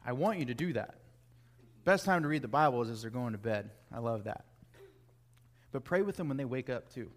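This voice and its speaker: A man's voice: mid-range voice, expressive, a little fast, long pauses. A man, a youth pastor, preaching a sermon in an earnest, emphatic way, repeating key phrases.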